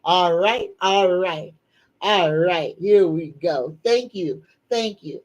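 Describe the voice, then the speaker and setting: A middle-aged woman, hosting a casual psychic livestream and greeting viewers in a slow, folksy, drawn-out way. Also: on the low side, rough recording. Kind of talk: casual live-stream chat.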